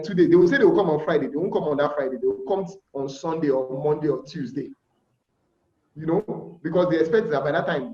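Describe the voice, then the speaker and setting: In a slightly high, somewhat mellow voice, a Nigerian man gives an informal fish farming lesson on a muffled, echoey video call. Chatty throughout, he checks in with "all right?" and mimics haggling with buyers.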